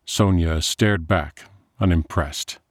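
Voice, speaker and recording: A man narrating a dark story in a measured, atmospheric way. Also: low voice, no echo, clean studio sound.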